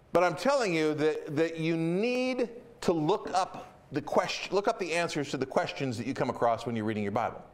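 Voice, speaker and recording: A middle-aged male pastor delivers a sermon in an animated, emphatic storytelling manner. His voice sits high for a man and leaps up and down in pitch as he drives his points home.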